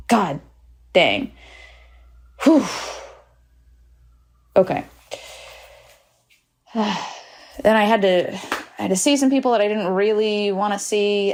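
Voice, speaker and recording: A young adult woman talks alone into her podcast mic, grumpy and wry. She swears freely and mocks herself as she rambles through her bad mood. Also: medium pitch. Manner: irritable, self-deprecating, swears freely. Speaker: podcast host. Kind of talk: casual solo podcast monologue. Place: hotel room.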